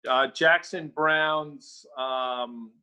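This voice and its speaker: A man's voice: a little high, fairly even intonation, very slow, sharp tone, smooth, rough recording. A man co-hosting a casual talk show about markets, with wry, joking asides. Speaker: podcast co-host.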